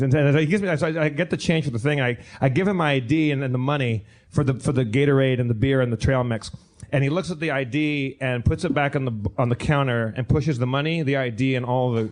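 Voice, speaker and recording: A man telling a long rambling anecdote on a live comedy podcast stage, with many restarts. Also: mid-range voice. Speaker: podcast regular telling a story. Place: live theater stage with audience.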